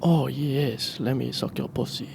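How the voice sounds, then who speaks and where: A man doing a lovesick creep of a suitor who purrs his lines in a fake accent that mixes Spanish, Italian and French. His voice drops low and breathy, as if he is leaning in close. He pleads softly and keeps the same hushed tone throughout. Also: fairly even intonation, a little slow, slight background noise. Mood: breathy pleading. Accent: put-on mix of Spanish, Italian and French. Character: sleazy smitten male suitor with a mixed romantic accent.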